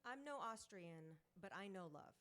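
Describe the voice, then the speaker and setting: A woman performing her poems live at a bookstore open mic, expressive and rhythmic, leaning into repeated words. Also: mid-range voice, a little slow, a little hiss or hum. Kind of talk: live poetry reading.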